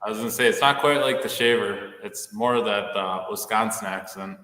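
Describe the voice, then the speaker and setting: A man with a lowish, bright voice, talking easygoingly on a remote call. His sound carries a roomy echo with a long reverb tail. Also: moderate pace. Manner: easygoing, corrects pronunciations. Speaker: guest. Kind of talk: casual chat. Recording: echoey room with long reverb.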